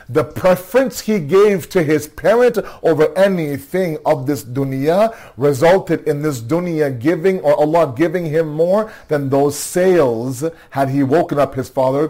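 A man giving an earnest sermon-style Quran lesson, asking rhetorical questions, repeating words for emphasis and reciting Arabic verses quickly. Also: fairly high pitch, animated, a little mellow. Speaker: religious teacher.

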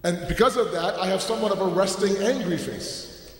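A man with a loud, booming voice gives an earnest, animated sermon with humorous asides, his mic held away from his mouth. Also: a little fast. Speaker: religious lecturer. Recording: echoey hall with long reverb.

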